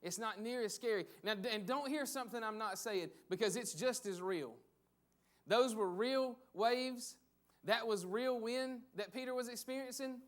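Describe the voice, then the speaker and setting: A man, delivering a church sermon. He talks in a relaxed, conversational way and repeats key phrases to drive them home. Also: sits high. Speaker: pastor.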